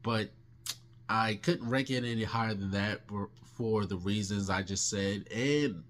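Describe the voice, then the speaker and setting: A man's voice: lowish voice, a little slow, fairly bright tone. A man casually reviewing the movies he watched last month, rambling with lots of restarts and fillers. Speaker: film reviewer.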